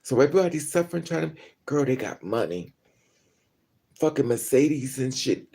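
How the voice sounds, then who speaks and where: Woman vlogger, husky gravelly voice, profane and gossipy, animated storytelling. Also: rumbling low, normal speed. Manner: animated, laughs often between remarks. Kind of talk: casual vlog monologue.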